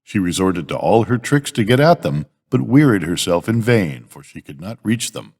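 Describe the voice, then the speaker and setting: An older man, a grandfather, reading fables as a bedtime story in a measured, expressive way. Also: on the low side, breathy edge, in a large hall.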